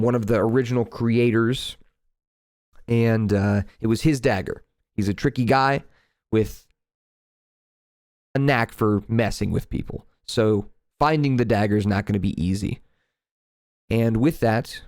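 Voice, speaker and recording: A man's voice: on the low side, no room sound, clean studio sound. Laid-back man running a tabletop game. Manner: relaxed, chatty, laughs easily. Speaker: game master.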